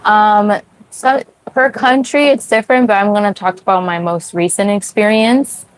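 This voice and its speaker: A young woman hosting a casual livestream from her sailboat at sea, chatty, full of "like" fillers and quick laughs. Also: medium pitch, steady tone, poor audio. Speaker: sailing livestream host. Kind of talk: casual livestream chat with viewers.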